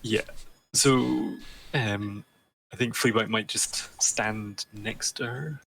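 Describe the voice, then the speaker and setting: A man's voice: lowish voice, steady tone, slow pace, creaky, a bit bright, slightly rough, rough recording. A man playing a tabletop game, hesitant and full of fillers. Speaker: player. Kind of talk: casual tabletop game chat.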